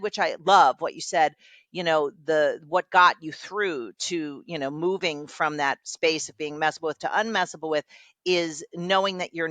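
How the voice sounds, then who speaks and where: Female host, coaching style, emphatic; very animated pitch, dry close mic. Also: dry recording. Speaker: podcast host. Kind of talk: interview conversation.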